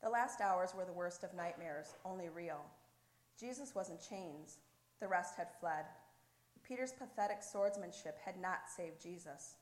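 A woman narrating a devotional story in an earnest, measured way and leading a prayer. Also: lowish voice. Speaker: devotional reader. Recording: echoey room.

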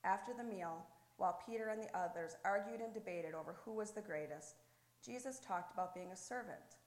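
A woman narrating a devotional story in an earnest, measured way and leading a prayer. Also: medium pitch. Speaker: devotional reader. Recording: echoey room.

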